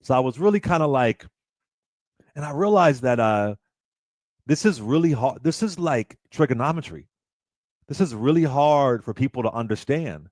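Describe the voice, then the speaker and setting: Talk radio guy, really lively up-and-down delivery, dry studio sound, punchy and emphatic. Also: medium pitch, moderate pace, pauses often, no room sound. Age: under 60. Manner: emphatic, mocking quoted voices. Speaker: radio talk show host.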